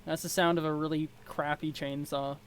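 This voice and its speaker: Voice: mid-range voice, little pitch movement, moderate pace, background noise. A casual host reading a webcomic aloud, rambling and self-deprecating with jokey asides. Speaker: webcomic read-along host.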